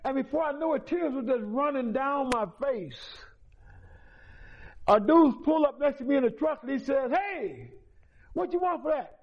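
A recovery meeting speaker relates his own life story as a testimony, folksy, repetitive and punctuated by chuckles. His voice is very high-pitched at a moderate pace, captured on a dull lo-fi recording.

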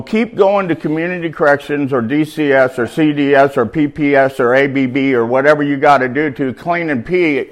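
A man's voice: on the high side, fairly bright tone. A middle-aged man preaching an informal, slangy sermon at a recovery meeting, shifting from easy talk to emphatic bursts.

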